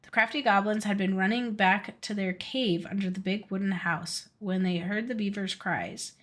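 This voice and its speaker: A woman streamer reading a storybook aloud from a game, steady with small slips and restarts. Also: medium pitch, moderate pace.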